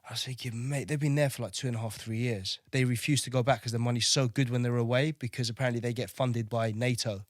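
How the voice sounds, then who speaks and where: A man's voice: mid-range voice, fairly even intonation, quick pace, hardly any pauses, no echo, studio quality. A man in his thirties, a navy veteran from Kosovo, telling war stories as a podcast guest in a chatty way, swearing freely and repeating words as he goes. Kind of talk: casual interview storytelling.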